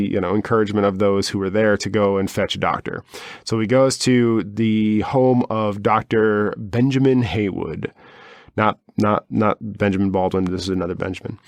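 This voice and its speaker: Guy cohosting a podcast, low voice, super dry close sound, rambles a lot with fillers and jokey asides. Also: no echo. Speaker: podcast co-host. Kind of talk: casual storytelling chat.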